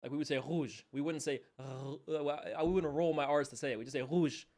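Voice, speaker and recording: Excitable young streamer man, slightly high. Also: fast talker. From Canada. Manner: casual slangy chatter, loud reactions then quiet asides. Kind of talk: live match watchalong commentary.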